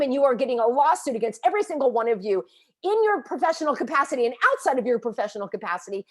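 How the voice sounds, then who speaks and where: Indignant woman with a lively high voice. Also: slightly rough. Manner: indignant, scolding, emphatic, calls people out directly. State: upset and agitated. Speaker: vlogger and activist. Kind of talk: impassioned direct-to-camera rant.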